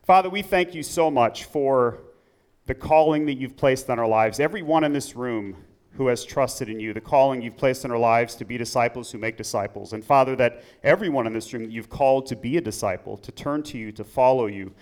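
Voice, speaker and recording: A man preaching a sermon in church, praying and then telling a story with rising emphasis. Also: fairly quick. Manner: earnest, builds up emphatically in the story, drops low and soft in prayer. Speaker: pastor. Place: church sanctuary.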